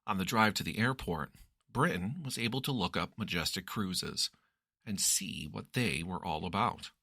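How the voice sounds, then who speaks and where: Guy reading a story aloud, lowish voice, dry close mic. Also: normal speed, gravelly, slightly rough, dry recording. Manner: expressive, lively reading. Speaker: narrator.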